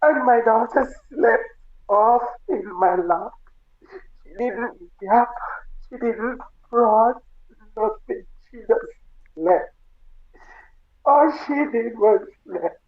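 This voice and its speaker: A Jamaican woman, a grieving mother, telling her story in a halting, tearful way and repeating her words. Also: fairly high pitch, expressive. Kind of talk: emotional personal testimony. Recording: tinny phone-like sound.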